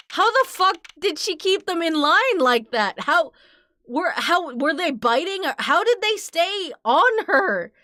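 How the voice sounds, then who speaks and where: A woman's voice: very high-pitched, bright, forceful tone, no echo. A woman from New Jersey giving game commentary as a streamer, giggly, profane and incredulous.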